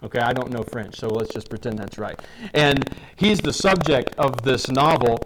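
A man's voice: medium pitch, moderate pace, background noise. A man preaching a sermon in a loose, rambling way, full of restarts and asides. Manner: casual, rambling, with many restarts. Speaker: pastor.

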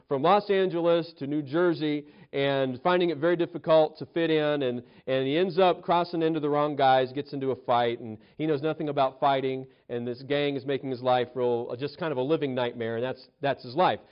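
A man's voice: medium pitch, steady tone, fairly quick, hardly any pauses, clear, resonant tone, lo-fi sound. A male pastor preaching a sermon, telling a story with frequent restarts and acted-out quotes.

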